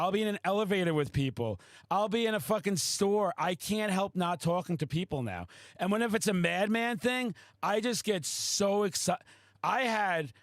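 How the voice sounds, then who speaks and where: A man hosting a podcast, a loud, excitable storyteller who swears often in casual chat. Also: high voice, no echo. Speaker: podcast host.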